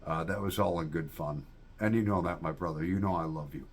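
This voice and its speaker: A man talks casually to his viewers in a husky, somewhat low voice. He rambles in a folksy way and keeps tossing in little checks with his audience. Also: fairly quick. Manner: rambling, folksy, with frequent "all right?" asides. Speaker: vlogger.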